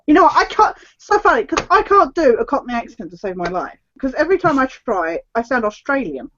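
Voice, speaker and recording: A woman's voice: high voice, very animated, fairly quick, a bit bright, lo-fi sound, slight background noise. A woman from just south of London, chatting casually with a laugh and a self-deprecating manner. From just south of London, England. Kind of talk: casual online chat.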